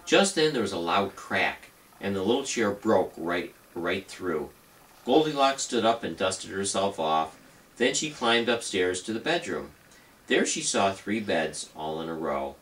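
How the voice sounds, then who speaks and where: A father reading a children's story aloud to his baby at home, gentle and playful. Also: deep voice, very animated, measured pace.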